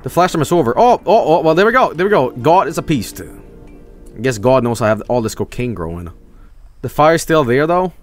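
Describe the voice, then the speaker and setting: A man streaming a game, talking casually and swinging between low mutters and loud exclamations. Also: sing-song, normal speed, soft background music. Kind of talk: livestream game commentary.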